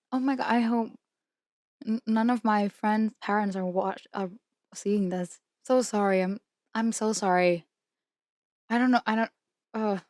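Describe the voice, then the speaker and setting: Slow-talking young woman podcast host. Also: medium pitch, dry recording, studio quality. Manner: blunt and profane, laughs mid-sentence. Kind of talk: casual ranting chat.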